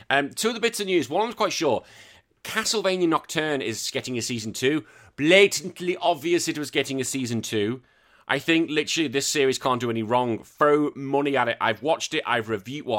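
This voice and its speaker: Bright-voiced British man rambling. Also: mid-range voice. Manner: rambling, self-correcting, laughs often. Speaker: podcast host. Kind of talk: casual solo chat.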